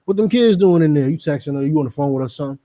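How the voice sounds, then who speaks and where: A middle-aged man with a New Jersey accent delivers a street sermon in a voice pitched high for a man, hammering each point through repetition and tossing in mocking asides as he goes. His intonation is lively, his pace racing, and his tone mellow, with an emphatic, repetitive style.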